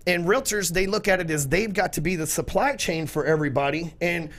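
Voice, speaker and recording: A man's voice: on the high side, brisk, a bit bright. A man, a podcast guest talking in a blunt, profane, salesy way. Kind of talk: casual chat.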